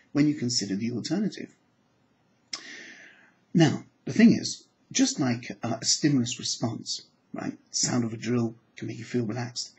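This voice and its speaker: A man's voice: mid-range voice, low-quality recording. Man telling stories in a hypnotic lilt. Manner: storytelling, acts out quoted dialogue, soft hypnotic phrasing. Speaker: psychology trainer and hypnotherapist. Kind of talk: anecdotal teaching talk.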